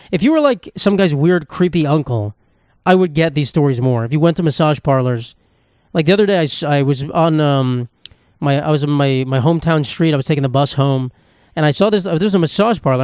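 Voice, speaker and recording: A man talks solo into a podcast mic, ranting profanely and looping back on himself with many restarts. His voice sits a little higher than usual for a man. The sound is close and dry. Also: darkish tone, dry recording. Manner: profane, rambling rant with restarts. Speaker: podcast host. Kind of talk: casual comedic monologue. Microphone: podcast microphone.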